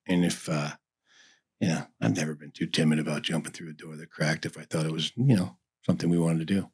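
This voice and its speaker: A man's voice: extremely low pitch, steady tone, brisk, breathy edge. A middle-aged man who owns a barbecue business, telling stories in a folksy, rambling way as a guest in a casual interview. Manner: storytelling, folksy, lots of "you know". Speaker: barbecue restaurant owner, guest.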